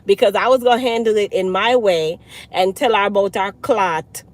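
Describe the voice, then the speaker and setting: A woman with a Jamaican accent, a hair care business owner telling a storytime, blunt and animated, slipping into patois. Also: medium pitch, moderate pace. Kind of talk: storytime vlog.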